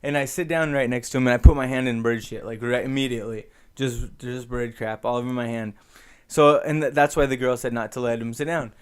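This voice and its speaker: A man's voice: medium pitch, fairly even intonation, fairly quick, clear, resonant tone. A young man casually telling a personal story, rambling with lots of fillers and restarts.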